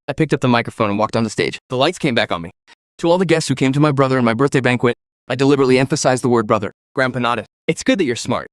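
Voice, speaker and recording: A man's voice: mid-range voice, no room sound. A man narrating a first-person story recap, reading every character's lines in his own voice.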